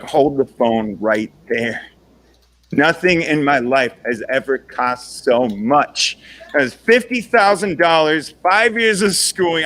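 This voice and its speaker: A young man works through a stand-up set in a loose, conversational way, often tacking "right?" onto a punchline. His voice is bright and a little raised in pitch, with a lively edge. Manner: conversational, self-deprecating punchlines with tag-on "right?". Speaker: stand-up comedian.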